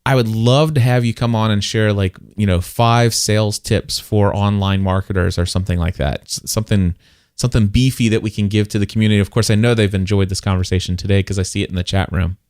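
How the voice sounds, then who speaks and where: A middle-aged man hosting a podcast in casual conversation, telling stories and getting animated when he quotes people. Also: fairly low pitch, quick pace, dry recording, studio quality. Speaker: podcast host.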